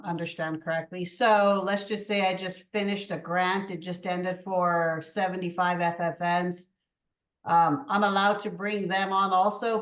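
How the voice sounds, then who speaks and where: A woman's voice: lowish voice, fairly bright tone. A woman attendee carefully working through her question to make sure she understands. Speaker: participant asking a question. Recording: echoey, far from the mic.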